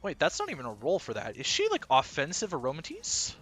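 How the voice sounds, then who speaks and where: A man's voice: mid-range voice, huge pitch swings, fast, hardly any pauses, fairly bright tone, soft background music. A man commentating his own competitive battle live, thinking aloud analytically with bursts of disbelief.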